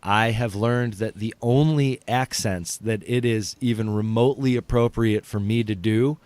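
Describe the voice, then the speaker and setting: A man's voice: fairly low pitch, moderate pace, no echo. A man who hosts and does stand-up, chatting casually and animatedly with lots of fillers. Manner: animated, rambling, with many fillers. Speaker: podcast host and stand-up comic. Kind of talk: casual comedic chat.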